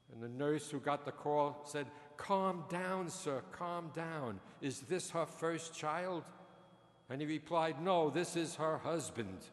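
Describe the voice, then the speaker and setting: A priest preaches in a large church, his slightly high voice trailing off into a long reverb. He talks very slowly, spinning little stories and chuckling at his own punchlines. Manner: slow storytelling with jokes, chuckles at own punchlines. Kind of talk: sermon.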